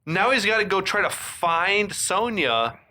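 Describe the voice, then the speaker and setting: A man's voice: high-pitched, big pitch swings, a little slow, sharp tone. A man co-hosting a podcast, laid-back and quippy, laughing often while talking through a film. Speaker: podcast co-host. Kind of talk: casual movie recap chat.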